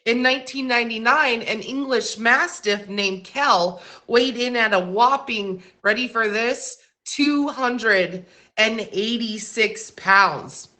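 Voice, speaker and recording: A woman's voice: on the high side, slow, pushed and bright. A woman hosting a live-stream trivia quiz, asking questions and reading out facts in a chatty way, with small slips along the way.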